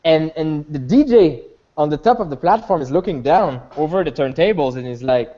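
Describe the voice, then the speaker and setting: Lively rambling tabletop game master. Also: medium pitch, normal speed. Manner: rambling with many restarts. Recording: dull lo-fi recording.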